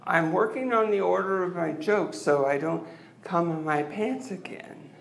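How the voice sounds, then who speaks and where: A man doing an awkward, self-deprecating open-mic stand-up set into a handheld mic on a club stage, leaving long pauses. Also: sits high, vocal fry, slight background noise. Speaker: stand-up comedian. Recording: roomy club sound.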